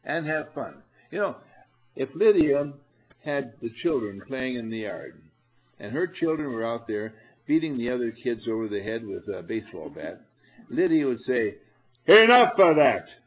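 Husky guy running a seminar, voice bouncing all over, chatty and coaxing, talks right to the group. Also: medium pitch, moderate pace, poor audio. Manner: animated and coaxing, laughs often, speaks directly to listeners. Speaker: seminar leader. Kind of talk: spiritual seminar talk to a group.

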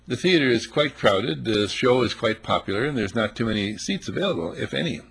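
Husky-voiced man preaching. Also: mid-range voice, fairly bright tone. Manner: emphatic, rhetorical questions, acts out little scenes. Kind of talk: sermon.

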